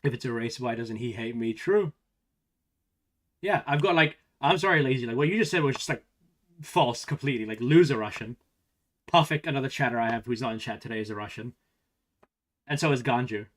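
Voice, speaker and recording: A man's voice: mid-range voice, fairly quick, long pauses. A man livestreaming in casual chat, sarcastic and laughing as he argues with his viewers.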